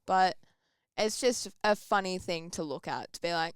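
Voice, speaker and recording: Lively young woman, chatty. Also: medium pitch, moderate pace, clear, resonant tone, no room sound, studio quality. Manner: chatty, laughs often, acts out quotes. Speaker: podcast co-host. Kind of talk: casual chat.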